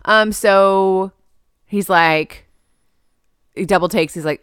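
A woman's voice: medium pitch, takes it slowly, long pauses, fairly bright tone, clean tone, no echo, studio quality. A woman co-hosting a casual movie podcast, retelling scenes with quoted lines and frequent laughter. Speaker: podcast co-host. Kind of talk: casual movie review chat.

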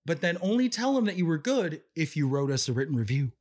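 A man's voice: a little high, sing-song, fast, a little mellow. A man co-hosting a casual podcast chat, theatrical and giggly, often slipping into campy put-on voices. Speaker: podcast co-host.

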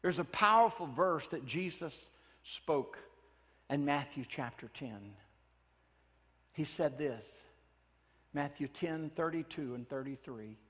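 A man preaching a sermon in a church, earnest and pleading, often dropping his voice to a hush for emphasis. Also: fairly high pitch, animated, slow, long pauses, slightly rough, in a large hall. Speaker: pastor.

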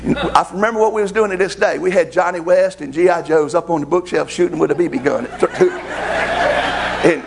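A middle-aged man preaching a sermon, telling folksy, animated stories about growing up. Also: on the high side, brisk, vocal fry. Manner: folksy, animated storytelling with laughs. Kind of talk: storytelling sermon.

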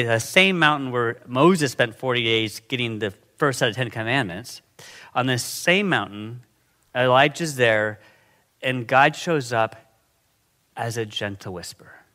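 A middle-aged man preaching a sermon in a conversational, animated way, often checking in with his listeners. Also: medium pitch. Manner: conversational, animated, frequent "okay?" and "right?" check-ins. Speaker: pastor.

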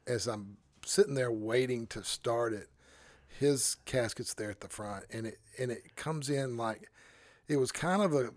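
Animated male pastor telling a story. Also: medium pitch, measured pace, no room sound. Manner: animated, self-interrupting, chuckles through his story. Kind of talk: casual storytelling on a podcast.

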